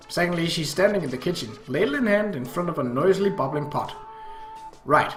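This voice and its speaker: A man narrating a story in first person with a tense, urgent delivery, recorded in a roomy space with faint music. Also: on the high side.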